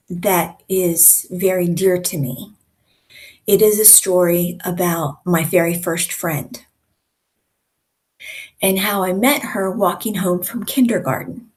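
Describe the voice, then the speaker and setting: Slow, deliberate woman in her sixties. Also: fairly low pitch. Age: 60s. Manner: deliberate, with frequent pauses. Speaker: host and speaking coach. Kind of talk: conversational teaching.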